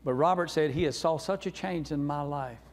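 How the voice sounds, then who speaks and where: A man's voice: fairly high pitch, moderate pace. A man, preaching as a guest speaker and telling a personal testimony in a folksy, earnest way. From North Carolina. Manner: folksy, earnest, warm storyteller. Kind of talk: sermon testimony storytelling. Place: church sanctuary. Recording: reverberant church sanctuary.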